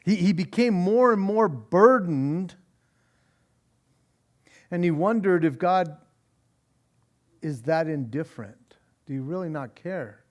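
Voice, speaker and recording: A man with a high, light voice teaches scripture as a pastor at a church Bible study. He talks in an animated, conversational way, stumbling and repeating words as he goes. He laughs easily between points. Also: slow pace, long pauses.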